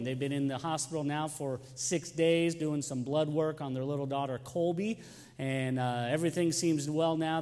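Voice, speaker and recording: This chatty youth pastor is a young man with a mellow, medium-pitched voice. He jokes through sermon announcements and storytelling, naming people in the congregation, while the church sanctuary adds a long hall reverb.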